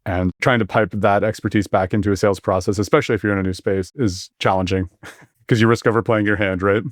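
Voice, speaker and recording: A man with a lowish voice who talks fast and firmly, often saying "like" as he goes. His voice sounds dry and close to the mic. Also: steady tone, no room sound. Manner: assertive, quick, says "like" often. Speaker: podcast host. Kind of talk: casual podcast chat.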